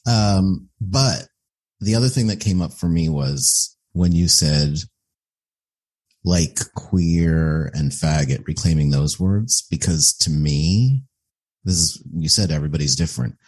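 Earnest man with a very deep, husky voice. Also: unhurried, darkish tone. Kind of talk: casual conversation.

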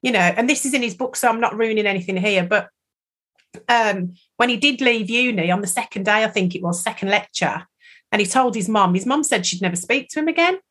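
A woman's voice: medium pitch, a little fast, fairly bright tone. Chatty woman, emotional and rambling. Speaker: podcast co-host. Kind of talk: casual chat.

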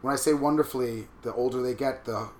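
A man's voice: mid-range voice, quick pace, echoey room, a little hiss or hum. A man in his thirties from Long Island, with a Long Island accent, cracking crude, playful jokes in casual chat while he signs up for a website. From Long Island, New York. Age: 30s. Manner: crude, playful, campy wisecracks. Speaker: host signing up for a website.

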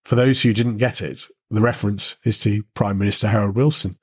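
A man hosting and narrating a retro show, speaking in a measured storytelling way with rhetorical questions. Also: fairly low pitch, fairly even intonation, husky. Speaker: host and narrator. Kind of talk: scripted narration.

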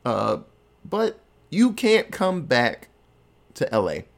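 A man's voice: on the high side, wildly swooping pitch, takes it slowly, gravelly, full character voice. A man voicing a tough male crime boss who speaks bluntly and plainly. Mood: stern. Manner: blunt, matter-of-fact.

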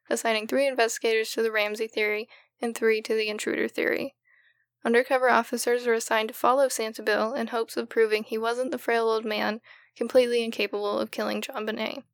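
A woman's voice: on the high side, level tone, fairly quick, vocal fry, dry recording, studio quality. A woman co-hosting a podcast, teasing her co-hosts in casual chat and reading scripted case narration. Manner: teasing, reads case notes.

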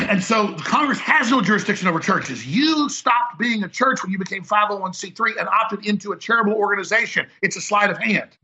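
A talk radio host delivering a heated, rambling, emphatic monologue. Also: male voice, high voice, expressive, brisk, sharp tone, highs cut off.

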